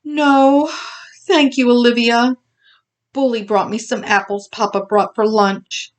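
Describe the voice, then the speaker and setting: Lady putting on a shy little hen voice, high and whimpery, slow. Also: steady tone. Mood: timid. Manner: timid, whimpering. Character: nervous young mother hen.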